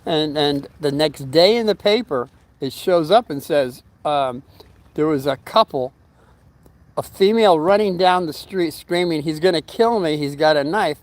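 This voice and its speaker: A man's voice: a little high, lively intonation, a little slow, no room sound. A middle-aged man telling a long story in a casual vlog at his home, rambling with fillers and restarts, and briefly acting out the voices of the people in it. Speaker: storyteller vlogger.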